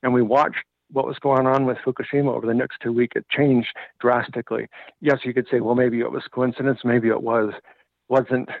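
Man, radio guest, earnest emotional storytelling, mid pitch, dull lo-fi sound. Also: level tone, fairly quick, creaky, dry recording.

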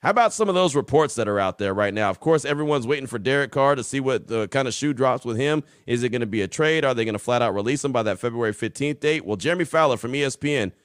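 A man's voice: mid-range voice, animated, fast, hardly any pauses, clean tone, no echo, clean studio sound. A man hosting a sports podcast, casually running through news reports. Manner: casual, chatty, reads reports aloud. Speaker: podcast host.

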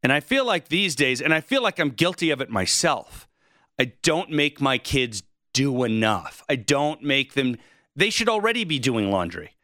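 Bright-voiced curious interview host. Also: male voice, mid-range voice, sing-song, normal speed, no echo, studio quality. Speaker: podcast host. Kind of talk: casual interview chat.

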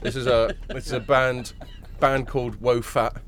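A man's voice: medium pitch, little pitch movement, normal speed, a bit bright, slight background noise. Man, podcast host, nasal, tired, rambling casual chat, jokey, restarts a lot. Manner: rambling, joking, many fillers and restarts. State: tired after a late night.

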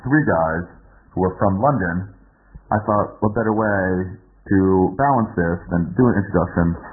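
A man's voice: on the low side, phone-quality sound. A man hosting a podcast, giving a rambling, joking introduction with a fair amount of swearing. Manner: rambling, profane and self-mocking. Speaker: podcast host.

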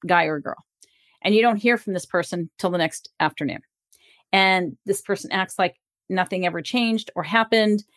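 A woman's voice: fairly low pitch, moderate pace, fairly bright tone. A woman hosting a solo podcast as a relationship coach, speaking candidly about her own life in a loose, conversational way with casual swearing. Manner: candid, self-disclosing, casually profane.

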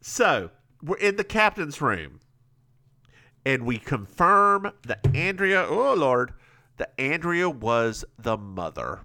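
A man's voice: a little high, big pitch swings, slow, pushed and bright. A man co-hosting a podcast, recapping an episode in casual chat, campy and giggly, acting out bits of dialogue. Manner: campy, giggly, acts out quotes. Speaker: podcast co-host.

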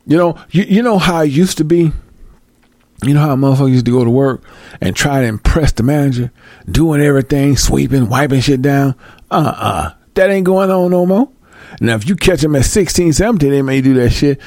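A man's voice: mid-range voice, expressive, a little fast, darkish tone, no echo, clean studio sound. A man delivering a heated, profane monologue rant, repeating phrases for emphasis.

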